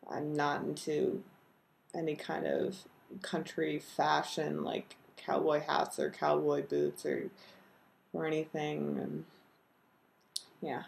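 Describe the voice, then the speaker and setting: Slow, gravelly low-key young woman. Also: a little mellow. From Texas. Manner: low-key, self-deprecating, hesitant with many ums. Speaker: video blogger. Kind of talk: casual chat and word-list reading.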